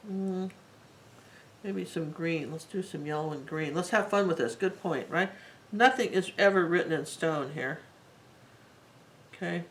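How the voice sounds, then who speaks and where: A woman with a lowish voice rambles chattily through a live painting lesson, warmly enthusiastic as she works. The low-quality recording carries a little hiss or hum.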